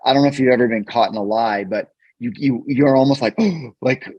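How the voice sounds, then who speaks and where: On a podcast, a male guest earnestly recounts a personal story in a halting way, often repeating words when emotion rises. His mid-range voice is captured on a dull, dry podcast mic.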